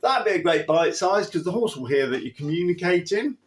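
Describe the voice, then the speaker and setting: A man teaching riders how to handle a spooky horse, his voice sitting a little high for a man. He talks in an emphatic, chatty way, with asides and restarts, and acts out the cues he gives the horse. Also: animated, fairly quick. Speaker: horse riding trainer. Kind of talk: instructional talk.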